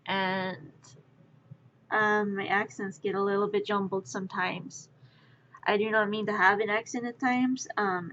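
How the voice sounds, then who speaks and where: A woman streamer chatting casually with viewers while she crafts, rambling and distracted, sometimes muttering softly to herself. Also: medium pitch, a little hiss or hum. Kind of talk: casual live-stream chat. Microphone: wearing headphones. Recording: dull lo-fi stream audio.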